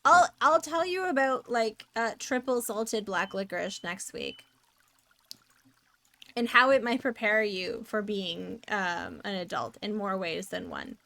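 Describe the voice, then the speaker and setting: A woman's voice: medium pitch, slow pace, vocal fry, pushed and bright. A woman from the Netherlands chatting casually as she streams a game, bubbly and talkative while reading chat aloud. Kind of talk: casual gameplay commentary.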